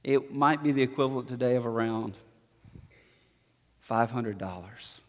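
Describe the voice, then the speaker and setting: A man preaching a sermon as pastor, swinging between quiet, low-spoken passages and emphatic, raised declarations. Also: measured pace, pauses often. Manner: dynamic preaching, dropping to soft low tones and rising to emphatic. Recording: long reverb of a hall.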